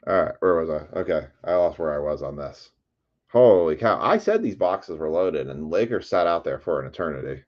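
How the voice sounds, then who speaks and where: A man hosting a live card break, chatty and excitable, calling out player names and shouting over big pulls. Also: rumbling low, moderate pace, muffled recording.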